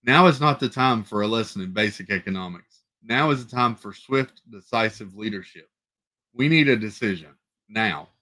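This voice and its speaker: A man's voice: mid-range voice, sing-song, normal speed, hardly any pauses, bright, forceful tone. A curt, impatient royal treasurer, as a man reading a storybook aloud puts him on. The voice stays close to the reader's own, terse and clipped. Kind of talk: amateur read-aloud.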